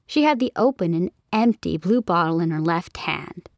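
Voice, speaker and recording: Brief: woman narrator, animated storybook read, very dry close mic. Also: lowish voice, moderate pace, vocal fry, no room sound. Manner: expressive, even storytelling. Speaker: audiobook narrator.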